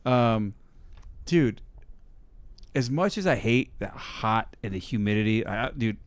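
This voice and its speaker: A man co-hosting a casual podcast, telling stories in an animated way, swearing often and laughing as he talks. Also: lowish voice, takes it slowly, no echo. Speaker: podcast co-host. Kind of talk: casual profane chat.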